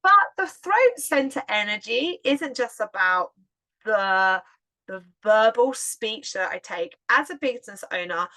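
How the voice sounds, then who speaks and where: Bright-voiced woman hosting a podcast. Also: mid-range voice, low-quality recording. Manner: candid, conversational. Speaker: podcast host. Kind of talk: solo podcast talk.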